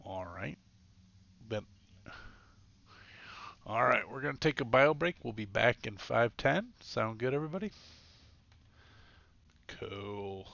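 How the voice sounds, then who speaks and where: Gravelly, lively-voiced male game master. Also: medium pitch, slow, pauses often, no echo, muffled recording. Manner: rambling, self-correcting, laughs easily. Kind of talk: narrating a tabletop game.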